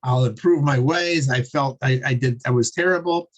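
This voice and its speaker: A man's voice: medium pitch, moderate pace, dull audio, close to an everyday voice. A man doing a sheepish poor water carrier. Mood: pleading. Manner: humble, pleading, self-deprecating.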